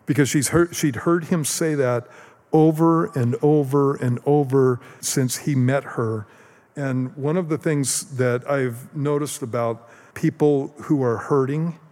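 A man's voice: medium pitch, a little mellow, long reverb tail. A middle-aged man preaching a casual, conversational sermon as a pastor, telling stories and often repeating words as he goes.

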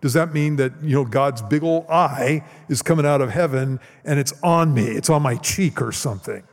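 A man's voice: mid-range voice, moderate pace. A man giving a conversational teaching sermon as pastor, often asking the congregation questions. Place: church sanctuary. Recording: long hall reverb.

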